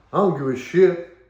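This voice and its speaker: A man's voice: a little high, darkish tone, highs cut off. A man with a first language of Russian, ranting in a blunt, profane vlog monologue, repeating himself and asking "you see?". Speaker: vlogger. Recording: roomy echo.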